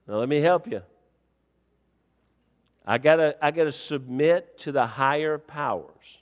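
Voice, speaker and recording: A male pastor preaching a sermon, telling a story and rising to near-shouts as he acts out the exchange. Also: on the high side, measured pace, long reverb tail.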